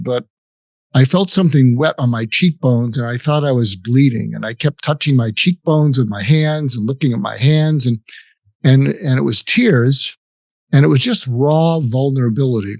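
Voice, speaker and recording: Older man, interview guest, reflective, halting, mid pitch, dry sound. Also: darkish tone, no echo. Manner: reflective, halting with restarts and quoted dialogue. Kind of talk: personal storytelling in an interview.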